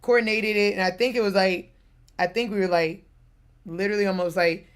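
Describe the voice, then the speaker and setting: A young woman chats on her livestream, spinning a long story with lots of fillers and quick asides. Her voice sits in a middle range, easygoing and unpolished. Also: mid-range voice, clean tone. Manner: rambling, animated storytelling with many fillers. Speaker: streamer. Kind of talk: casual livestream chat.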